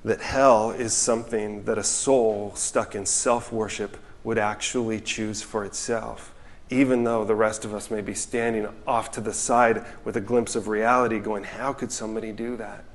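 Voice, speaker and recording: A man preaching a sermon in an earnest, reflective way, reading quotations aloud and dropping into softer asides. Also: fairly low pitch, steady tone, moderate pace. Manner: earnest, reflective, reads quotes aloud, drops to soft asides. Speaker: pastor.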